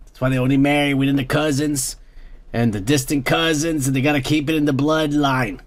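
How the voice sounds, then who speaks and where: A man's voice: mid-range voice, steady tone, a little fast. A man hosting a comedy podcast, ranting crudely about the news and raising toasts while drinking. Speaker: podcast host. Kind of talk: profane comedic news rant.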